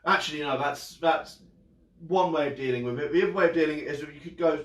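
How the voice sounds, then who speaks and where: A man's voice: on the high side, fast talker. A young man who entertains children, teaching a magic trick in a playful, jokey way on a live stream from a room at home. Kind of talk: live online magic lesson for kids. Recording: roomy echo, mic at a distance.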